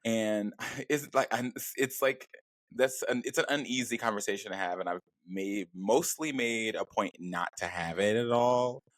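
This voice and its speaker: A man's voice: on the low side, unhurried, a bit bright, dry recording, clean studio sound. A man co-hosting a podcast, talking things through thoughtfully with many hedges and fillers. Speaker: podcast co-host. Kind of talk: casual conversation.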